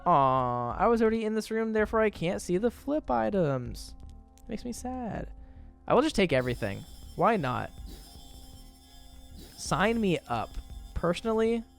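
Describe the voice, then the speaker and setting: Young male gameplay commentator, chatty and animated, pitch a touch high and bouncing all over, faint music under him. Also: moderate pace, gravelly. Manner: chatty, rambling, animated, exaggerated indignation. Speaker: gaming video creator.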